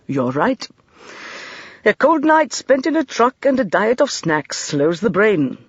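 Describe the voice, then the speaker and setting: Brief: narrator's take on a dry, practical man in an audiobook, slow and lively in pitch. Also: husky, dry recording, dull audio, heavily acted. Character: practical adult male travel companion. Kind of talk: audiobook character reading.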